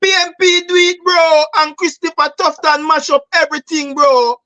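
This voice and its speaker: A man's voice: very high voice, steady tone, normal speed, pushed and bright, no echo. A Jamaican man hosting a political talk show, speaking passionately and emphatically in patois-laced English, often calling listeners "bro.". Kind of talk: heated political commentary.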